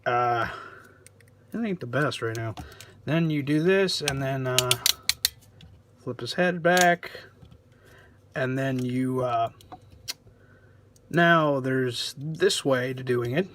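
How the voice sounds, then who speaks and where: A man's voice: mid-range voice, slow pace, long pauses, fairly bright tone, slight background noise. A man hosting a casual toy review vlog, rambling along with sarcastic, self-deprecating asides.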